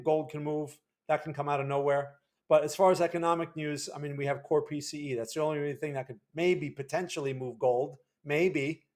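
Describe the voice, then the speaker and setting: A man with a fairly high-pitched voice walks through market charts on a livestream. His delivery is loose and conversational, and he keeps checking in with viewers through quick tag questions. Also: darkish tone. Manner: casual, frequent tag questions. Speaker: market analyst host.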